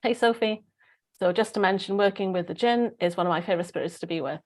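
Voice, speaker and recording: A woman's voice: medium pitch, fast talker. A woman with a Welsh accent hosting a casual spiritual group chat, rambling and restarting as she searches for words. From Wales. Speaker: host.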